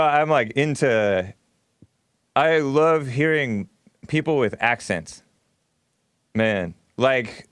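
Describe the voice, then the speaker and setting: A man's voice: mid-range voice, smooth, no room sound, studio quality. A man hosting a call-in talk show, chatting easily and laughing now and then. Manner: easygoing, chatty, laughs often. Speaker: radio talk show host.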